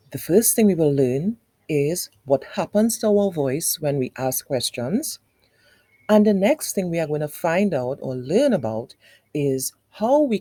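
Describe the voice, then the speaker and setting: A woman teaching young children, with a low, mellow voice that swoops widely up and down. She talks unhurriedly and patiently, repeating each point in a sing-song way, as if speaking straight to the class. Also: no room sound. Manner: patient, explains step by step with repetition.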